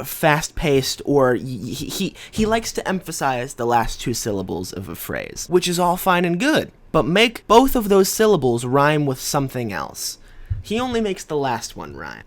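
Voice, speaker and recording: Animated, argumentative young man. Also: fairly high pitch. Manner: animated and argumentative, quotes lyrics. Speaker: music commentator. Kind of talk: opinionated video commentary.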